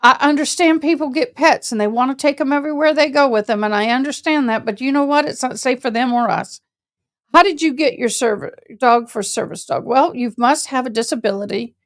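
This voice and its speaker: A woman's voice: high voice, fairly quick. A woman telling a story casually and colloquially, a service dog handler who acts out other people's voices.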